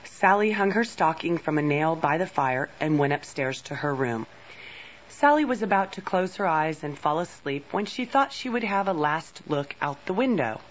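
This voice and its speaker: Woman reading a kids book, slow and soft, lively up and down, kinda muffled recording. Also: low voice, slight background noise. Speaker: storyteller. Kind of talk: children's storybook read-aloud.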